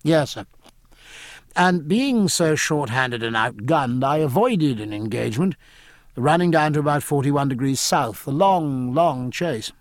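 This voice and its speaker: A man's voice: fairly high pitch, animated, unhurried, no echo. A man voicing an earnest naval captain giving a formal, respectful report to his superior in an audiobook.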